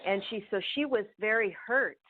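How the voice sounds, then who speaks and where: A middle-aged woman hosts a casual talk show and tells stories in a loose, rambling way, stumbling through fillers. Her pitch sits in the middle, and the sound comes through narrow and tinny, like a phone call. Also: normal speed. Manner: chatty, warm storyteller with many fillers and restarts. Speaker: host. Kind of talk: casual chat, personal storytelling.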